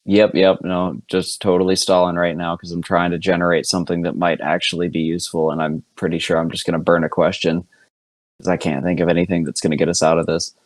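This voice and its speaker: A man's voice: deep voice, flat delivery, fast talker, no echo. A man playing a tabletop game, hesitant and stressed, swearing often as he thinks aloud. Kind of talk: casual game chat.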